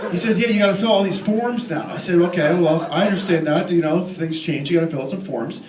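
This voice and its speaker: A man's voice: sits high, fast. Ranting man on a distant live stage. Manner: loud indignant ranting with frequent restarts. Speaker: stand-up comedian. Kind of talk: character stand-up, ranting conservative persona. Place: live comedy venue. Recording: echoey live club recording from far off, crowd laughing.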